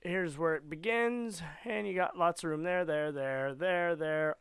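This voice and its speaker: A man's voice: fairly high pitch, measured pace, a bit bright, clean tone, dry recording. A man streaming a casual coding lesson, playful and rambling, slipping into silly voices as he works.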